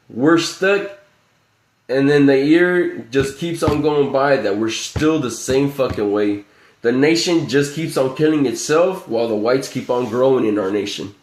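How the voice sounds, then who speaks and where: A man's voice: medium pitch, unhurried, a little mellow, roomy sound. A man ranting on a livestream in a loose, profane way, often repeating the same filler phrase. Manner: profane, repetitive, keeps saying "you know what I'm saying". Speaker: livestream host. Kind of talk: rambling livestream rant.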